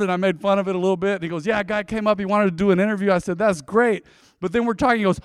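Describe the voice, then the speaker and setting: A man preaching a sermon in a lively, storytelling way, often asking the congregation to repeat his words back to him. His voice sits a little higher than most men's, and it was recorded close and dry with no room echo. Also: quick pace, clean tone. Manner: animated, storytelling with congregation call-and-response. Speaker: pastor.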